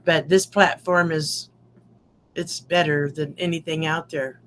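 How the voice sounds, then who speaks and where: A woman's voice: low voice, fairly even intonation, measured pace, a little hiss or hum. Rambling heartfelt older woman. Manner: heartfelt, rambling, trailing restarts. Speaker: community member giving testimonial. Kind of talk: casual heartfelt testimony.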